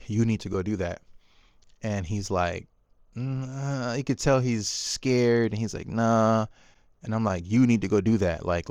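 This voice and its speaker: Speaking in a lowish voice, a man who works as a dad coach and video host shares a frank personal story about his son. He's casual and confessional, using lots of fillers and quoting his own words with sudden louder emphasis. It's a dry, studio-quality recording.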